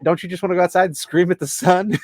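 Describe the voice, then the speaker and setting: A man co-hosting a casual trailer reaction, sarcastic and animated, laughing often. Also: high voice, fast talker, no room sound.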